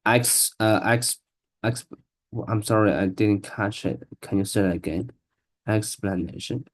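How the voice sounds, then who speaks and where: Halting, hesitant man learning English. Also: fairly low pitch. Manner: halting, hesitant, many restarts. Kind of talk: casual reading-aloud practice.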